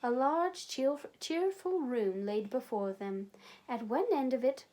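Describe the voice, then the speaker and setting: A woman librarian reads a children's storybook aloud. Her storytelling is expressive and animated, with a fairly high voice that swings widely in pitch. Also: measured pace.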